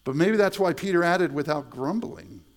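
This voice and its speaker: A middle-aged pastor, speaking from a church sanctuary, delivers a sermon like a conversation, circling back on words and adding side remarks. He talks at a normal speed in an animated, higher-pitched voice.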